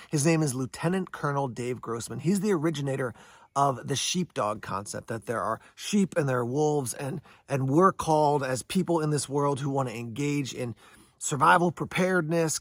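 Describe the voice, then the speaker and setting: A man's voice: mid-range voice, no echo. Man explaining survival breathing, dry close sound. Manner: conversational, explains step by step, answers imagined questions. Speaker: survival channel host. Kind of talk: casual instructional talk to camera.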